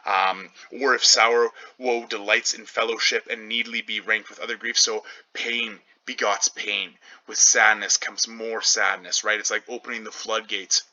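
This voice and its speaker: A man's voice: fairly low pitch, flat delivery, a little slow, few pauses, bright, forceful tone, low-quality recording. A man teaching a literature lesson, explaining a play line by line in a conversational way and often checking in with "right?".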